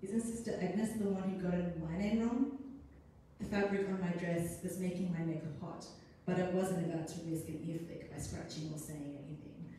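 A woman's voice: lowish voice, moderate pace. A woman, a writer, reading her own story aloud expressively at a live arts event. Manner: expressive, first-person storytelling. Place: arts centre event room. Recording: echoey room, distant mic, faint noise.

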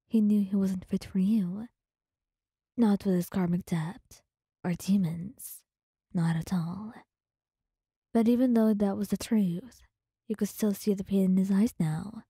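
Young woman doing hushed asmr storytelling, super mellow dark voice, slow. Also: mid-range voice, steady tone, husky, no echo, studio quality. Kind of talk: soft ASMR narration.

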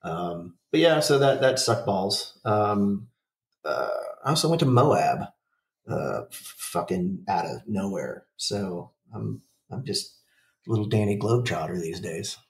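A man's voice: on the low side, big pitch swings, unhurried, creaky, roomy sound, far from the mic. A man in his forties telling a rambling, profane story in a casual podcast chat. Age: 40s. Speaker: podcast co-host.

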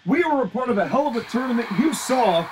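A wrestling commentator calling the action play by play, excitable, openly taking sides, and quick to laugh. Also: medium pitch, background noise.

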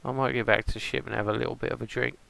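A man's voice: mid-range voice, flat delivery, racing, vocal fry, a bit bright, no room sound. A man playing an easygoing male pirate in a game role-play stream, rambling and musing aloud to himself. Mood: chatty.

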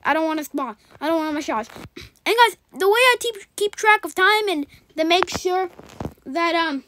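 A woman giving rapid, rambling, excitable commentary while playing a video game. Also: extremely high pitch, slight background noise. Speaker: gaming channel host. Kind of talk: gameplay commentary.

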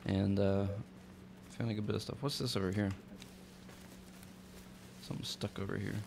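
Man, low voice, gravelly, casual game chat, background hiss. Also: moderate pace. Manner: relaxed, easily startled, mild exclamations. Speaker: streamer. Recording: noisy stream audio.

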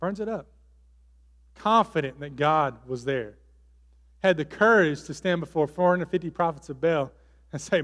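Guy preaching, high voice, lots of uh's, acting out the lines, long hall echo. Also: normal speed, pauses often, a bit bright. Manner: storytelling preacher, acts out quotes, many fillers. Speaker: pastor. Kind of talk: sermon. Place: church hall.

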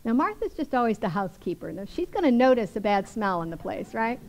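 A woman's voice: on the high side, very animated, fast talker, a little hiss or hum, rough recording. A woman preacher giving a sermon, reading scripture aloud and then commenting on it in a chatty way, often ending with tag questions.

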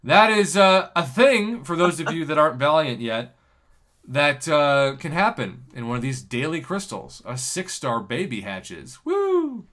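Excitable male game streamer. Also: on the high side, a little slow. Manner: excitable, laughing, reads chat aloud. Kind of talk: casual live-stream gaming chat.

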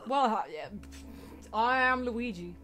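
A woman giving casual, excitable commentary while playing a video game, swearing and shrieking at what happens on screen. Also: fairly high pitch, slow pace. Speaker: let's play gamer. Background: game music.

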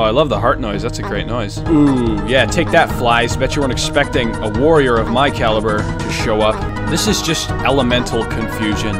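A young man streaming a game, jumping from mutters to excited shouts as he plays. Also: on the low side. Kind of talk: excitable let's-play commentary. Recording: game music under the voice. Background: game music.

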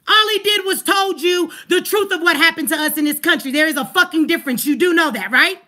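A woman hosting a livestream, ranting angrily and profanely at her chat with rapid rhetorical questions. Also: very high voice, pushed and bright. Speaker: livestream host. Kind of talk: heated livestream rant.

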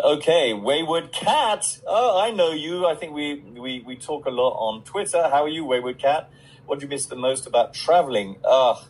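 A man's voice: medium pitch, a little mellow, slight background noise, poor audio. A middle-aged man on a casual live stream, reading out fan questions and answering them in a chatty way with many fillers.

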